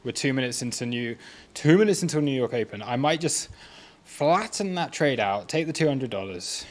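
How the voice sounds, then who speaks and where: On his livestream about trading, this man keeps things chatty and self-amused, laughing often. He speaks in an expressive, mid-range voice at a moderate pace.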